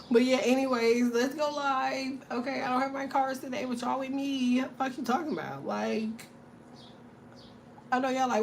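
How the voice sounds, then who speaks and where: A woman hosting a casual tarot livestream, delivering a profane, animated comedic rant and laughing often. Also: high voice, moderate pace, slight background noise.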